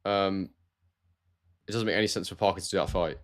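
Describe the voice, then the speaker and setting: A man with a deep, slightly fast voice runs a casual boxing live stream from a warm room at home, reading viewer comments aloud and calling people mate in a relaxed, chatty way. He's from Scotland, yet his accent is neutral southern English without any regional trace.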